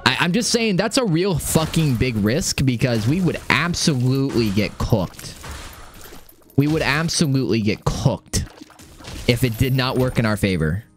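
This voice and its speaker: A young man giving casual live gameplay commentary, excitable and swearing often, repeating phrases under pressure. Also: medium pitch, unhurried, soft background music. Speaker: gaming streamer.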